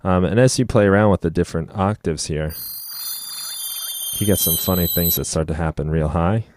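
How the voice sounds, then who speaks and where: A man giving a casual music production tutorial at his computer, explaining each knob in a relaxed way with frequent ums, over loud instrument sounds. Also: deep voice, normal speed, very noisy. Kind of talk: casual screen-recorded software tutorial. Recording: loud instrument demos behind the voice. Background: loud synth and trumpet sounds playing.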